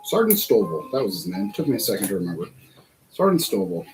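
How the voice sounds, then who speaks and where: A man's voice: low-pitched, very animated, quick pace, darkish tone, faint music behind, low-quality recording. Chatty man building and rambling. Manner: chatty, talks to himself while building, laughs at his own stories. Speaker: vlog host building a model kit. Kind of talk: casual build-along chat and storytelling.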